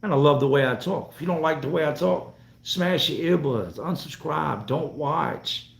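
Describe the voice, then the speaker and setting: A man's voice: a little high, normal speed, creaky. A man in his forties from North Carolina, hosting a casual live stream and reading out viewer comments in a blunt, profane, rambling way. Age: 40s. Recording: roomy echo.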